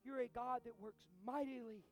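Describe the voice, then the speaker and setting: Pastor, male, high-pitched, fervent sermon delivery with faint music under it. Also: steady tone, moderate pace. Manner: preaching, swings from quiet storytelling to loud exhortation.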